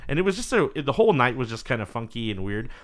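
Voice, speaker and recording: This podcast host has a mid-range voice and a quick pace. In a casual chat he spins stories with animation, cursing freely and performing other people's quotes.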